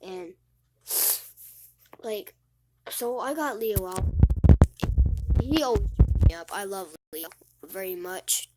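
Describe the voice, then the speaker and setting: Halting, sad teenage girl. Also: mid-range voice, expressive, heavy background noise. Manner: halting, rambling, repeats words; sad, close to tears. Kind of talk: casual vlog monologue.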